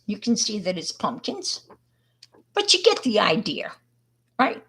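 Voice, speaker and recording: Woman, from Long Island, unhurried pace, chatty and rambling, live art demo. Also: medium pitch, huge pitch swings, a bit bright, husky. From Long Island, New York. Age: older. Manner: chatty, rambling, talks to viewers as she works. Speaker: art presenter on a live stream. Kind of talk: casual live-stream demo and storytelling.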